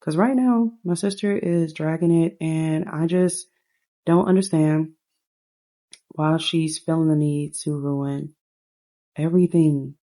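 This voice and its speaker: A woman's voice: low-pitched, fairly even intonation, slow pace, warm tone. Woman voicing a fed-up young woman venting. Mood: ranting. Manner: venting, exasperated. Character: young woman fed up with her nagging sister.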